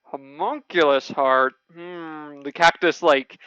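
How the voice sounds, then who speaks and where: A man's voice: fairly high pitch, fairly even intonation, slow pace, pushed and bright, smooth, dry recording, highs cut off. A man narrating a tabletop game as game master, casual and a little hesitant.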